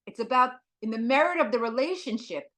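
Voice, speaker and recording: Brief: woman guest speaker, slightly high voice, earnest and halting, personal testimony. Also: expressive, a bit bright. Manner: earnest, halting storytelling with many fillers.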